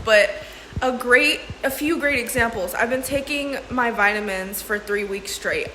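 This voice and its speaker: A woman's voice: a little high, bright, forceful tone, a little hiss or hum. Emotional, slangy young woman vlogger. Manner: emotional, laughing through tears; slangy, says "bro" and "sis". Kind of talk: casual vlog chat. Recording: echoey room with faint ambience.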